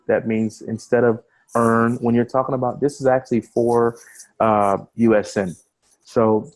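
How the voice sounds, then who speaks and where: An online marketing trainer gives a casual screen-share webinar over a video call, his medium-pitched voice a little mellow. The recording is rough, and he often repeats words and restarts phrases while explaining.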